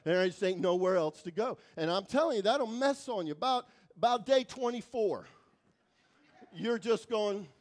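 Male guest preacher, very high voice, dramatic storyteller who swings from loud to hushed. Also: lively intonation, normal speed. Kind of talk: sermon storytelling. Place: church.

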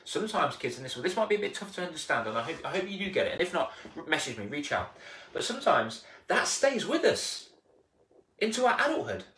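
A man coaching casually on a live stream, animated, acting out little scenes and repeating himself. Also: a little high, brisk, slight background noise. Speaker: confidence coach. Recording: roomy, distant mic.

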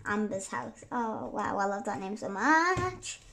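A young girl chatting through her gameplay, giggly and quick to say sorry. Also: medium pitch, expressive, creaky, bright, forceful tone, faint music behind. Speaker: gaming YouTuber. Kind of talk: casual gameplay commentary.

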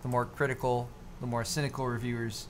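A man's voice: mid-range voice, little pitch movement, a little fast, slight background noise. A man co-hosting a live tech stream, chatting casually and rambling, with lots of fillers and restarts. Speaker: co-host of a live tech show.

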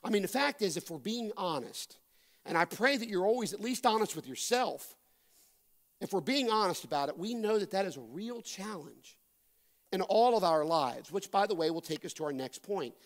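An American man preaching a sermon as pastor in a church, rising to emphatic peaks and then dropping to a quiet, low hush. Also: lively intonation, moderate pace. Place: church sanctuary.

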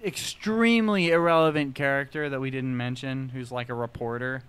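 A man's voice: mid-range voice, steady tone, moderate pace, fairly bright tone, clear, resonant tone. A man co-hosting a movie podcast, rambling through his points with restarts. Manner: rambling, many fillers and restarts. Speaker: podcast co-host. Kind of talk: casual movie review chat.

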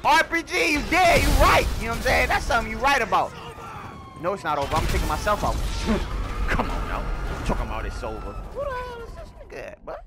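A man giving loud, animated, slang-filled commentary while playing a video game, swearing often. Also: high-pitched, fairly quick, over loud music. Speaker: gaming YouTuber. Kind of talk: casual gameplay commentary.

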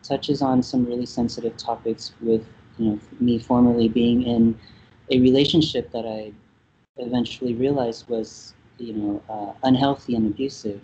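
A man's voice: mid-range voice, fairly even intonation, moderate pace, warm tone, highs cut off, slight background noise. A man from Vietnam, interviewed as a musician, talking in a thoughtful, hesitant way with many fillers. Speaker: musician guest. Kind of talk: casual interview talk.

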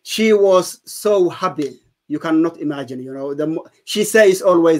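A man's voice: on the high side, normal speed. A man, giving an earnest, emphatic personal testimony as an interview guest. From Somalia.

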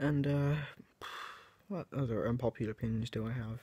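A man's voice: medium pitch, fairly even intonation, brisk, dark tone, breathy edge, no echo, lo-fi sound. A young man chatting casually to his viewers, rambling and hesitant, often restarting his sentences and poking fun at himself. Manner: self-mocking. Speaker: vlogger. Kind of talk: casual chat to camera.

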